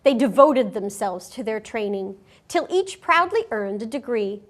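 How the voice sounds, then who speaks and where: A woman reading a picture book aloud to children at a school, expressive and animated. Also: on the high side, measured pace. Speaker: storyteller.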